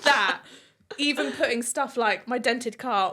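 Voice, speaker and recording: A woman's voice: fairly high pitch, a little slow, pushed and bright. A woman in a casual panel chat, blunt and teasing. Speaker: podcast panelist.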